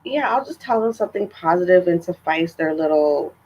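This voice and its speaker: A woman's voice: fairly low pitch, lively intonation, brisk, a little mellow, dull audio. A young woman telling a story in a casual vlog, chatty and exasperated, with lots of filler words. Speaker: vlogger.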